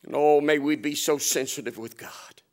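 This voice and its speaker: A man preaching with a somewhat high-set voice. He tells homespun stories with humor, chuckling as he goes. He rises to loud emphasis, then drops to a near hush. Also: fairly even intonation, normal speed. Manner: folksy and humorous, swinging from loud to hushed; often chuckles while telling stories. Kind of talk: storytelling sermon.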